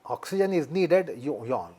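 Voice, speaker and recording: Deliberate Indian man explaining breath. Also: a little high, big pitch swings, warm tone, husky. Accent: Indian English. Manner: deliberate and explanatory, repeats key points. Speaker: yoga teacher. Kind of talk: interview explanation.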